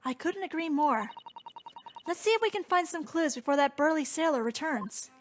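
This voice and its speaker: A woman's voice: high-pitched, animated, moderate pace, faint music behind. A woman voicing an earnest, polite young male lawyer in a video game, reading close to her own voice. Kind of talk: reading game dialogue aloud.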